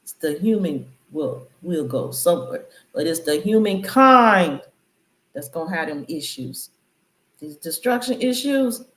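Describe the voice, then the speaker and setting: A woman who hosts a channel offers casual spiritual commentary, preaching in loose, conversational riffs in an echoey room. Her voice is lowish, animated and a little slow.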